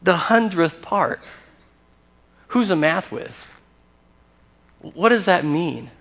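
A man preaching a sermon and teaching from scripture, animated and emphatic, often restarting phrases and chuckling. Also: high-pitched, slow pace. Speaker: pastor.

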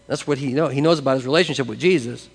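A man preaching a sermon as pastor, animated and acting out the voices of people he quotes. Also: mid-range voice, racing, slightly rough, long reverb tail.

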